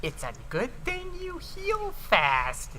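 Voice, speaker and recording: A man putting on the voice of a cruel, spiteful mother, drawing out each hateful line slowly during a comic reading of fan fiction. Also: very high voice, wildly swooping pitch, sharp tone, slight background noise, exaggerated voice. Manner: slow, drawn-out, hateful delivery.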